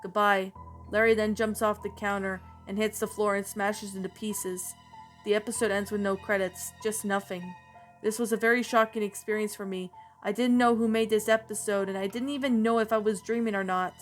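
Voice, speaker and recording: A woman reading a creepy story aloud in a plain, slightly halting way. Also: mid-range voice, steady tone, faint music behind.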